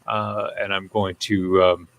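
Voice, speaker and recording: Low-voiced profane man hosting a chat. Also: takes it slowly, gravelly, no room sound. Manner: profane, animated storyteller. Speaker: live-stream host reading chat. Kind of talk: casual podcast chat.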